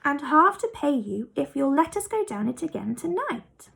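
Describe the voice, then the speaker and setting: A woman's voice: high-pitched, big pitch swings, normal speed, creaky, a bit bright, heavily acted. A woman doing an eager young boy. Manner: eager, exclaiming.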